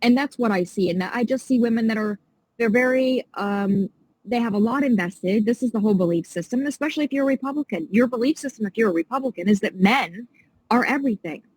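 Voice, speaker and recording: A woman's voice: a little high, quick pace, a little mellow, slightly rough, no room sound, poor audio. A woman guest on a podcast, talking in a passionate, indignant and emphatic way in a casual interview.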